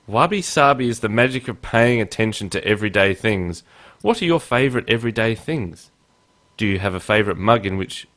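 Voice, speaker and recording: A man's voice: on the low side, a bit bright. A male podcast host chatting casually, joking about himself and laughing often.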